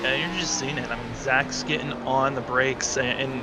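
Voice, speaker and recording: A man's voice: mid-range voice, steady tone, normal speed. A man doing color commentary on a sim racing broadcast, explaining driving technique at length. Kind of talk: live race commentary. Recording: noisy stream audio.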